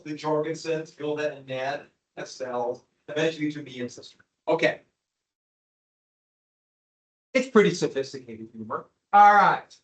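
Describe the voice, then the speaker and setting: A man's voice: a little high, fairly bright tone, low-quality recording. A male history teacher giving a classroom lecture, joking with his students and teasing them with questions.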